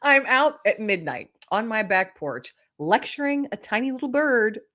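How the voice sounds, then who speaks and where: A middle-aged woman, a guest author, telling lively anecdotes in casual chat, acting out little voices and laughing often. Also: a little high, normal speed. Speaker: guest, author and podcast host.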